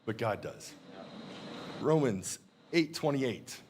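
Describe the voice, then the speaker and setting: A man gives an earnest, reflective sermon in a church at an even middle pitch. He slows down to read scripture verses aloud. A faint hiss sits under his voice. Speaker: pastor.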